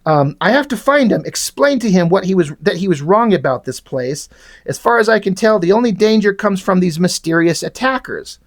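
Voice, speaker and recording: A man's voice: sits high, animated, normal speed. A man reading the lines of a proud female warrior angel from a comic in an earnest, insistent tone.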